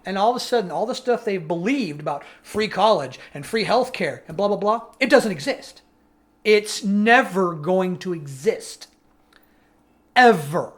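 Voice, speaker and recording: A man's voice: sits high, expressive, unhurried. A man co-hosting a podcast, ranting bluntly and profanely in casual opinion chat. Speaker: podcast co-host.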